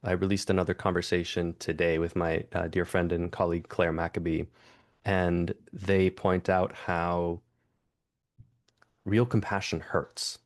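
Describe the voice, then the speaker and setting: A man hosting a podcast, reflective and calm, with soft murmured agreements. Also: low voice, measured pace, no echo, clean studio sound. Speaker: podcast host. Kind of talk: casual conversation.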